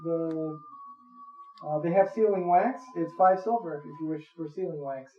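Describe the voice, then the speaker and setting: A man's voice: a little high, a little hiss or hum. A man running a tabletop game as game master, laid-back and chuckling now and then. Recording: echoey room, dull lo-fi audio.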